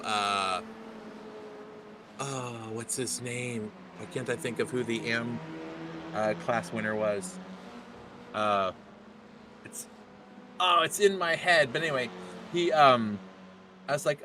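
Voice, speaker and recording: A man's voice: mid-range voice, sharp tone, slight background noise. A middle-aged man commentating a sim race, chatty and rambling, often laughing.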